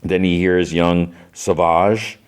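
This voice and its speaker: Brief: casual male podcast host, deep low voice, rambling recap. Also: steady tone, moderate pace, darkish tone. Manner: rambling retelling, heavy on "he's like" and fillers.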